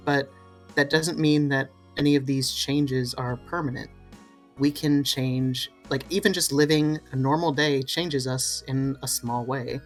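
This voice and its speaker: A podcast co-host in a casual discussion, thinking out loud and halting often with fillers. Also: medium pitch. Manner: thoughtful, rambling, halting with many fillers.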